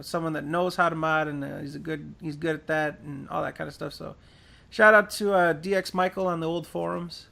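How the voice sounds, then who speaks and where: A man's voice: a little high, vocal fry, a bit bright. A man hosting a podcast, casually reading forum posts aloud in a laid-back, profane way with lots of fillers. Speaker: podcast host.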